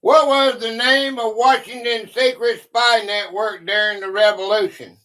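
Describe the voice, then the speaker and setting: Male stream host, bright and slow-paced, greeting viewers by name as he reads out quiz questions. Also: very high voice, steady tone. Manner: chatty, greets viewers by name, thinks aloud. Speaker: livestream host. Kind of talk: casual livestream chat.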